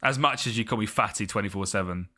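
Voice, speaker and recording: A man streaming a football management game, commentating live and chatting with his viewers. He gets excitable and yells at the match. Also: lowish voice, fast talker.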